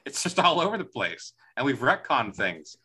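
Male podcast host, very bright voice, rambling exasperation. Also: medium pitch, very animated, unhurried, husky. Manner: exasperated, rambling, laughs often. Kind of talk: casual movie discussion.

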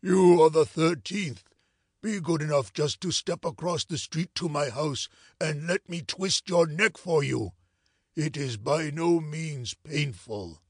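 A man voicing the devil disguised as a hoarse, squeaky old man, mock-friendly and menacing. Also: slow pace, dry recording, clean studio sound, exaggerated voice. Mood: sly menace. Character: devil as old man's double, sly and menacing.

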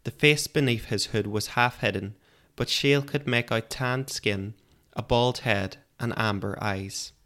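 A man narrating a fantasy story in a calm, measured audiobook style. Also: medium pitch.

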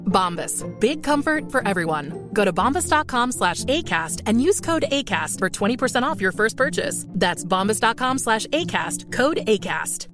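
Woman closing an ad, high and lively. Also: normal speed, few pauses. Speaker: ad announcer. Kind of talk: scripted ad read. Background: music.

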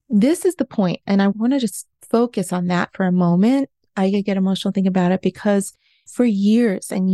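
In an interview, a life coach in her forties tells her own story in an earnest, confessional, self-questioning way. Her medium-pitched voice has a dark tone. The audio is studio quality, with no room sound.

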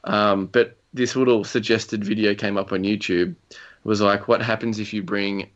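In this slightly dull lo-fi clip, a young man's fairly low, steady voice moves at normal speed. He's rambling casually about a video game, packing his stories with fillers and little chuckles.

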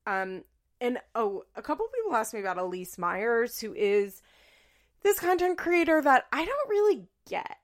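A young woman chatting casually about social media, candid and swearing freely, with animated asides. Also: a little high, moderate pace. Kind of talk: casual chat.

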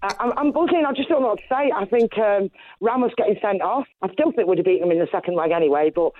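A woman's voice: mid-range voice, quick pace. Woman, radio caller, delighted, gushing, tinny phone line. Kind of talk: phone-in chat.

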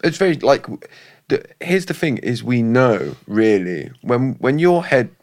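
A man, a podcast co-host and coach, explaining ideas in a quick, animated, casual chat. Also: medium pitch. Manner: fast, animated talker, explaining with examples.

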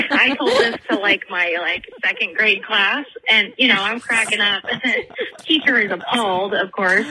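A woman's voice: mid-range voice, rough recording. A woman in her thirties from Northern California, leaving a rambling, giggly voicemail story full of likes and ums. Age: 30s. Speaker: podcast caller.

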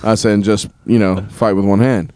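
A man's voice: on the low side, steady tone, a little fast, darkish tone, clean tone, dry recording, clean studio sound. A man co-hosting a podcast in casual chat, telling jokey stories with a wry edge. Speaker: podcast co-host.

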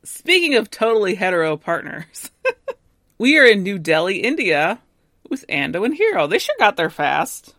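A woman's voice: mid-range voice, sing-song, normal speed, a bit bright, no room sound, studio quality. A woman co-hosting a podcast, casually retelling a story with frequent laughs. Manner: chatty storytelling, laughs often. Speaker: podcast co-host. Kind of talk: casual chat.

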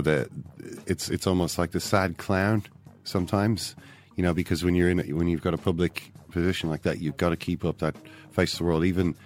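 An Irish man hosting a sports podcast, talking in a mock-solemn, deadpan way. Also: low voice. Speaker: podcast host. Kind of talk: deadpan mock-serious chat.

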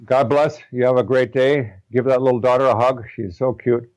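A man's voice: mid-range voice, fairly even intonation, moderate pace, a little mellow, low-quality recording. A middle-aged man talking casually as an interview guest, rambling with many fillers and restarts. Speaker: guest, practitioner studying naturopathy.

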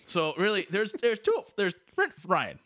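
Man putting on a rambling buddy, bright tense tone, lively pitch. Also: measured pace, dry recording, clean studio sound, heavily acted. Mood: boastful cheer. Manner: rambling, stammering, mock-serious comic banter. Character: goofy overfriendly Canadian man, boastful and rambling. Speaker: podcast co-host.

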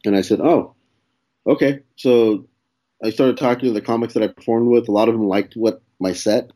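A young male comedian, appearing as a guest, tells a story in a relaxed chat, swearing and laughing as he acts out quoted lines. His voice is medium-pitched and dark-toned, with a moderate pace.

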